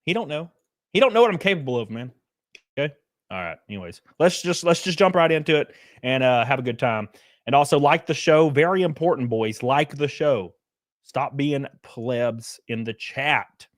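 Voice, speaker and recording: A middle-aged man, hosting a casual livestream, joking loudly and reading out chat messages. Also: a little high, animated, fairly quick, no room sound, studio quality. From Alabama. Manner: loud, joking, reads chat. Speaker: streamer host. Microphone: headset.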